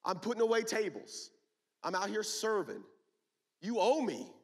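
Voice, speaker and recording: A man voicing a resentful older brother who complains loudly to God in a raised, indignant, whiny voice. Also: on the high side, expressive, normal speed, big-room sound. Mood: aggrieved whining.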